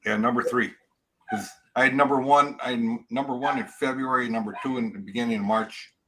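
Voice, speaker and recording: Brief: husky man with a bright edge, teasing banter on a casual call. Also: medium pitch, fairly even intonation, brisk. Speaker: online chat participant. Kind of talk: casual chat.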